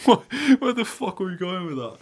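A man's voice: sits high, very animated, a little fast, a little mellow. A young man co-hosting a podcast in casual chat, laughing often and swearing casually. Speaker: podcast co-host. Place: Denmark.

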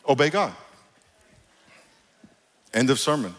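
A man's voice: medium pitch, lively intonation, moderate pace, pauses often, fairly bright tone. A man preaching a sermon as pastor, emphatic and joking with the congregation in a church hall. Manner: emphatic, preachy, jokey with crowd.

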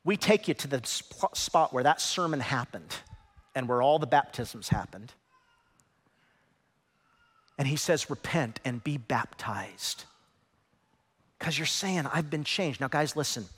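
Man pastor preaching in a big church hall, high voice jumping all over, long echo. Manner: preaching with dramatic pitch swings, swelling to shouts. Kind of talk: sermon. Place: church auditorium. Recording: large hall reverb.

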